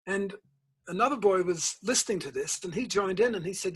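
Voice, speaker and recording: Husky-voiced older man. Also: high-pitched, low-quality recording. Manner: measured storytelling, tells anecdotes. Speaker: author and school principal, guest. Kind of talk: reflective interview conversation.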